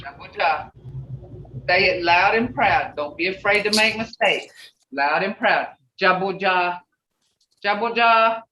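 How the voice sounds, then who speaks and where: A woman's voice: fairly low pitch, measured pace, sharp tone, a little hiss or hum. A woman teaching an online language class over a video call, patiently calling on students one by one and coaching them through each phrase. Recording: roomy, distant, dull video call audio.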